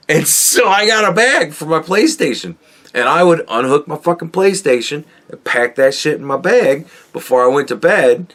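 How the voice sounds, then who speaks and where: A man's voice: fairly high pitch, normal speed. A middle-aged man hosting a podcast, telling a long, rambling work story with lots of swearing and acted-out dialogue. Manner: profane, rambling and animated, acts out quoted dialogue. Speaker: podcast host. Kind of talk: casual storytelling.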